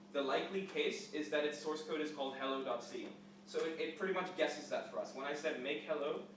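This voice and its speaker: A young man's slightly high voice carries through an echoey lecture hall as he casually teaches with a live coding demo, going step by step and using fillers. The mic sits at a distance, and there's a little hiss or hum.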